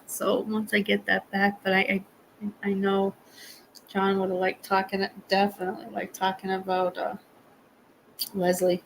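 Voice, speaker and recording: A woman's voice: medium pitch, a bit bright, slight background noise, rough recording. Chatty woman hosting a live stream. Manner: chatty and rambling, laughs often. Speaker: livestream host. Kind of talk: casual chat with live viewers.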